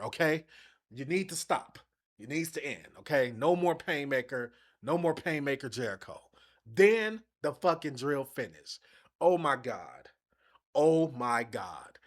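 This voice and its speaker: A man's voice: on the high side, lively intonation, a little slow. A man hosting his own wrestling show, ranting bluntly and casually with lots of swearing. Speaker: wrestling commentary host. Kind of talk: casual opinion vlog.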